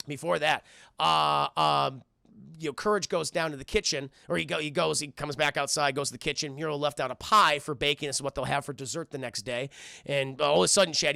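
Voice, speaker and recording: A man's voice: on the high side, creaky, sharp tone, no room sound, clean studio sound. A man streaming a casual, rambling, profane cartoon recap to his chat.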